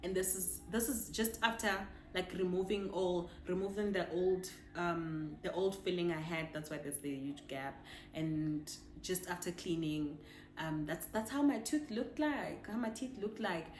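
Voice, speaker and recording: A woman's voice: on the low side, a little slow, darkish tone, echoey room, a little hiss or hum. A woman chatting in a casual personal vlog, emotional and full of fillers and restarts. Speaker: vlogger.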